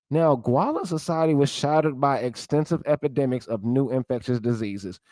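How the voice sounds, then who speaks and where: A man's voice: mid-range voice, warm tone, no echo. A man lecturing viewers in casual commentary, searching aloud and calling them y'all. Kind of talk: casual commentary while browsing sources.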